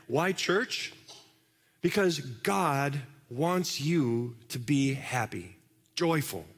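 A man preaching a sermon in a conversational way, often checking in with the congregation with questions. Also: fairly high pitch. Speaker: pastor. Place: large church hall. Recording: long hall reverb.

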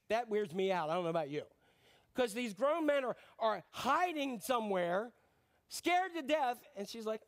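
A middle-aged man preaching a sermon as a pastor, telling the story in a lively, joking way and acting out voices. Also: extremely high pitch, moderate pace.

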